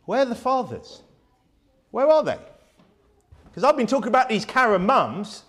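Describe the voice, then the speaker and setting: Fiery high-voiced preacher. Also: male voice, very animated, normal speed, pauses often, a bit bright. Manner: emphatic, fiery, full of rhetorical questions. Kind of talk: sermon.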